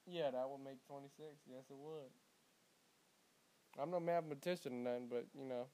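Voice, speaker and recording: A young man from Alabama hosting his podcast, rambling in a profane, comedic monologue with loud bursts. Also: mid-range voice, fairly even intonation, normal speed, long pauses. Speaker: podcast host.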